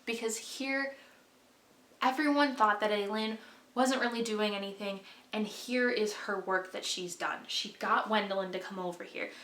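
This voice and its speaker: A woman vlogger recapping a book in a casual, rambling way, gushing with excitement and dropping to a hushed voice at dramatic moments. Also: mid-range voice, moderate pace, echoey room.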